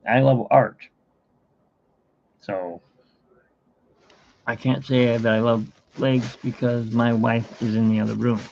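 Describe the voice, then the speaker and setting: Gravelly middle-aged man, rambling host. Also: medium pitch, fairly even intonation, slow, pauses often, a little mellow, lo-fi sound. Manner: rambling, self-mocking joke-telling. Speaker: live-stream host. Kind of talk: casual live-stream chat.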